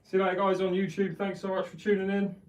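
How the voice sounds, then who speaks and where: A man's voice: high voice, little pitch movement, quick pace, a little mellow. Chatty man in an echoey pool room. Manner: chatty, frank and self-critical. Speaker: pool player streaming live. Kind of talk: casual live-stream chat. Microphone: head-mounted camera. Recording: echoey room, mic far off, noisy.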